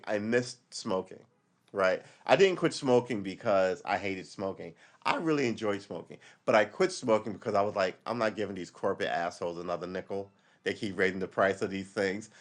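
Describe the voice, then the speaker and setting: Rambling, profane man in his forties. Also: on the low side. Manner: rambling, profane, loses his train of thought. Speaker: livestream host. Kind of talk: casual storytelling monologue.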